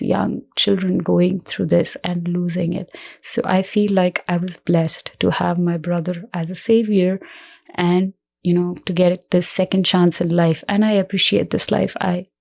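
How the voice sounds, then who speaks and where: A woman guest in an interview, speaking earnestly and reflectively in halting phrases, emotional with her voice cracking at times. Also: on the low side, gravelly, a little mellow. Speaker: guest, cancer survivor. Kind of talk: personal interview talk.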